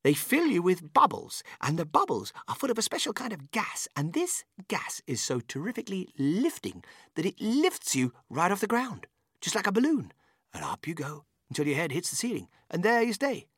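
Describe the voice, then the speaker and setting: An actor playing a manic, whimsical man who runs a candy factory, swinging from shouting to whispering. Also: sits high, wildly swooping pitch, normal speed, breathy edge, no room sound, studio quality, pitched above the performer's own voice, exaggerated voice. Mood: excited. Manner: bursts of shouting and sudden whispers.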